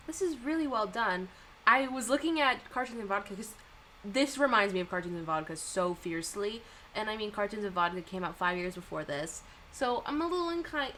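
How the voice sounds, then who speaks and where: A woman's voice: a little high, slight background noise, rough recording. A young woman chatting casually as she reacts to things and reads manga, chatty and full of fillers. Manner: animated, chatty, lots of likes and ums. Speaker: streamer reading manga and reacting. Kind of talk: casual chat.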